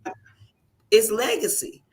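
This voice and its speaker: A woman's voice: a little high, big pitch swings, measured pace, noisy background. A woman giving a fervent, effusive testimony as a guest on a call, praising God. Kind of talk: emotional testimonial on a live call.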